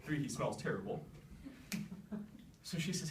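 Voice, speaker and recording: A man retelling a fairy tale for laughs, with wry deadpan asides, recorded from a distance in an echoey room. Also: mid-range voice, fairly quick, slight background noise. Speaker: storyteller. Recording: roomy echo, distant mic.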